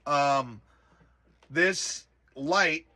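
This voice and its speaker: A man telling a personal story in a casual, animated way, exclaiming often and filling pauses with "uh" and "um". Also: fairly high pitch. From rural area. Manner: animated, exclaims in bursts, many fillers. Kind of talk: casual spoken recollection.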